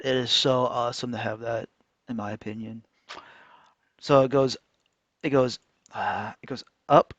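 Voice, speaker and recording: A man ranting casually while trading on a chart, animated and mocking. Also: mid-range voice, no echo. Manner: animated, mocking voices, frequent laughs. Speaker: trading vlogger. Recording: dull lo-fi dry sound.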